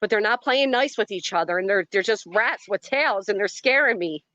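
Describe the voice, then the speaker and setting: A woman's voice: medium pitch, lively intonation, normal speed, sharp tone, dry recording, highs cut off. Dramatic woman livestreaming outdoors. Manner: dramatic, talks to chat. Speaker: livestream host. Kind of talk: casual livestream commentary. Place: outdoors in a yard by trees.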